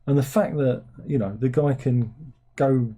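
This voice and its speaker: Sardonic rambling man, mellow husky voice. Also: unhurried. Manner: rambling, sardonic, with incredulous high-pitched outbursts. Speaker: livestream host reading chat. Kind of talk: casual chat.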